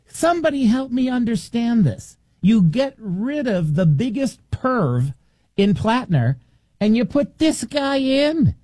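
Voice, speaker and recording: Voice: mid-range voice, very animated, takes it slowly, dark tone, no echo. A political commentator delivering a mocking, combative opinion monologue full of rhetorical questions.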